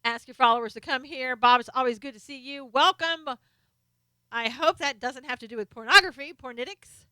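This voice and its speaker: A chatty middle-aged woman hosts a live stream and greets viewers one by one. Her voice is high and bright, very clear and close, with a dry room around it. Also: moderate pace, no echo. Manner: chatty, reads out viewer names and comments. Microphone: desk microphone, sometimes off-axis.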